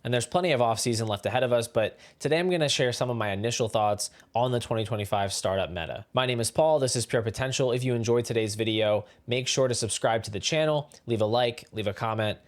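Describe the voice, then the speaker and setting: A man hosting his fantasy football channel, talking through draft advice in steady, explanatory scripted commentary. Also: mid-range voice.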